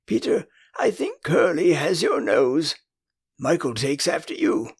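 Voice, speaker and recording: A man's voice: on the high side, sing-song, a little slow, vocal fry, breathy edge, dry recording, clean studio sound, exaggerated voice. An older man with an English accent voicing a prim, motherly young girl in a storybook audiobook. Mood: tender. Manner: prim, earnest.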